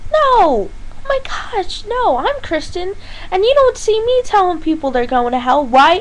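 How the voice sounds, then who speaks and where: A woman's voice: high-pitched, low-quality recording. A young woman ranting in a vlog, blunt, exasperated and sarcastic. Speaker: vlogger.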